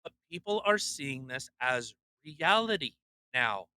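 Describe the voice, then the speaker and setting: A young man co-hosting a podcast, ranting bluntly in casual chat, swearing and mocking people with quick impressions. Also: medium pitch, very animated, pushed and bright, slight background noise. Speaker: podcast co-host.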